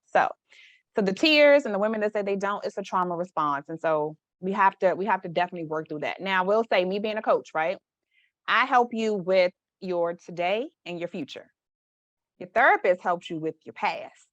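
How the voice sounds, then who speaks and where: A woman's voice: fairly low pitch, expressive, moderate pace, no echo. Frank, colloquial woman coach as podcast guest, dry muffled recording. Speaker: forgiveness and mindset coach, guest. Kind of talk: casual podcast conversation.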